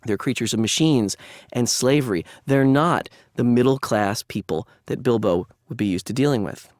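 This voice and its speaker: A man's voice: medium pitch, normal speed, darkish tone, dry recording, clean studio sound. A man lecturing on literature in a conversational, analytical way, with frequent asides. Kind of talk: academic lecture.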